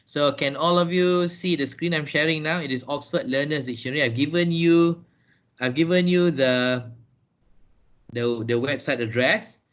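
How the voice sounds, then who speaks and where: A man teaching an online lesson over a video call. He talks slowly, checks in with "yeah?" and "right?", and often repeats and restarts words. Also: fairly high pitch, fairly bright tone. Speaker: English teacher.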